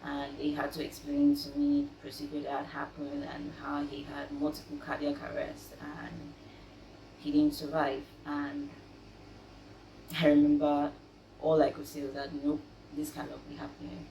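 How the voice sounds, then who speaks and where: A young woman telling her own story of grief with faith, speaking softly and haltingly, with many pauses and fillers. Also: sits low. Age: young adult. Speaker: vlogger sharing her grief. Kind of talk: personal faith testimony. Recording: roomy, distant mic, faint noise.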